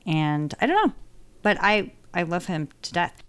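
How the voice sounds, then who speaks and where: A woman with a slightly low voice chats as a podcast guest. She rambles and restarts, often poking fun at herself. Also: big pitch swings, a little slow, clear, resonant tone. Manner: chatty, self-deprecating, rambling. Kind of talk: casual interview chat.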